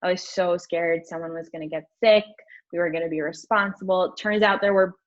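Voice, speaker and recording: A young woman guest telling a candid story in an interview, rambling and animated, filling her speech with "like". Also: on the low side, fairly quick. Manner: rambling, animated, heavy use of "like". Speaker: podcast guest. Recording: dull lo-fi audio.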